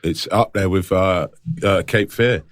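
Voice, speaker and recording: A man's voice: deep voice, measured pace, dry recording. A man co-hosting a film podcast in casual chat, chatty and given to laughing and asking "you know what I mean". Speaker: podcast co-host.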